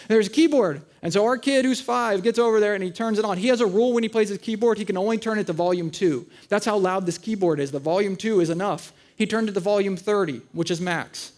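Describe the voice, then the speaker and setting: High-voiced pastor, chatty and self-mocking. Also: male voice, quick pace, hardly any pauses, a little mellow. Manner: conversational, self-mocking, acts out voices in his stories. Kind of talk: sermon with storytelling. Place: church auditorium.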